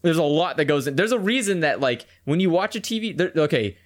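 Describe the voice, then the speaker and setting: Man, voices game characters, lively swooping pitch, laughs a lot, casual chat. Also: quick pace. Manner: animated, laughs often, slips into character voices. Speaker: game voice performer.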